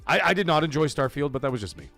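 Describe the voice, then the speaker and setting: A man's voice: a little high, very animated, very fast, vocal fry, fairly bright tone, soft background music. A man hosting a casual live stream, talking animatedly, swearing freely and reading viewer messages aloud. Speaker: livestream host.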